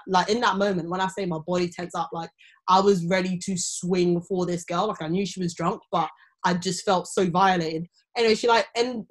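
A young woman, chatting casually and telling stories, often acting out other people's voices. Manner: animated storytelling, acting out quoted people in high voices. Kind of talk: casual chat.

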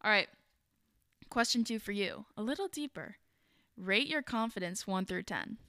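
A young woman co-hosting a podcast, chatty and giggly, talking in quick bursts. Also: mid-range voice, animated, pushed and bright, dry recording, studio quality. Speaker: podcast co-host. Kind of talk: casual chat.

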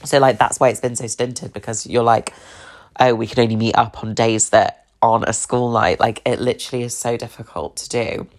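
A woman's voice: rumbling low, steady tone, brisk. A young British woman hosting a podcast, telling a dating story in a chatty, swear-filled way with lots of fillers and laughs. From England. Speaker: podcast host. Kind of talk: casual storytelling about dating.

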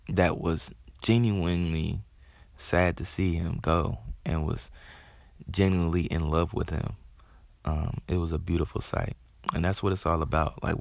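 A man's voice: low-pitched, gravelly, dry recording. A man hosting his own show, talking in a loose, rambling way with many fillers and restarts. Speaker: podcast host. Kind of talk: casual monologue.

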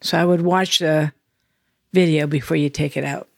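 A woman's voice: sits low, fairly even intonation, normal speed, creaky, dry recording, studio quality. An older woman co-hosting a podcast, chatty and self-deprecating in casual conversation. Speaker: podcast co-host. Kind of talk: casual chat.

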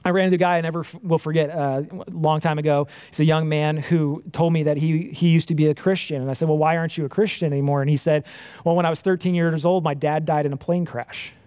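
Chatty preacher, dry close sound. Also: male voice, fairly high pitch, steady tone, fast, a little mellow, clean tone, no room sound. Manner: conversational, frequent "right?" and "like", self-correcting restarts. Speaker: pastor. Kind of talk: casual sermon.

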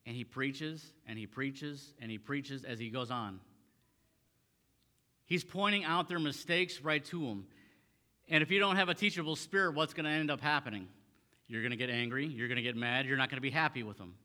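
A man's voice: mid-range voice, moderate pace, bright, forceful tone, in a large hall. A man preaching a sermon as a pastor, reading scripture aloud and then restating it in plain talk with frequent fillers and repeated phrases. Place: church sanctuary.

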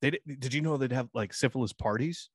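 A man's voice: medium pitch, fast talker, slightly rough, no room sound, studio quality. An American man co-hosting a casual podcast chat, crude and laughing often. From United States. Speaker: podcast co-host.

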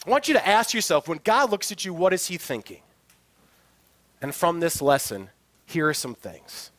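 High-voiced earnest male pastor preaching. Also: big pitch swings, moderate pace, a bit bright, no echo. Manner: earnest, emphatic preaching with rhetorical questions. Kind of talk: sermon.

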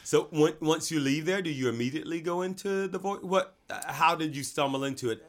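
A man's voice: on the high side, brisk. A man hosting a podcast, asking questions and cracking jokes in a casual chat. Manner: joking, asks questions. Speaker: podcast host.

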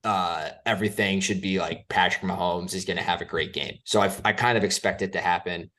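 A man co-hosting a sports podcast, talking excitedly and often breaking off and restarting his sentences. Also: low voice, a little fast. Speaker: co-host. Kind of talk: casual sports podcast chat.

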